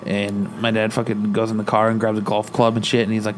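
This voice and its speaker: A man's voice: lowish voice, quick pace, a little hiss or hum. A man in a casual chat, telling road-rage stories and acting out the quotes, with plenty of swearing. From Arizona, USA. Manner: animated storyteller, acts out quotes, swears.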